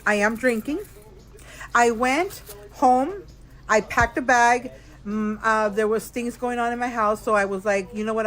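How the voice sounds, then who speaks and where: A woman's voice: fairly high pitch, a bit bright, rough recording. A slightly tipsy woman telling a storytime vlog alone in a hotel room, frank and chatty, talking to viewers as girl and y'all, recorded on a phone camera. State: a little tipsy. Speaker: vlogger.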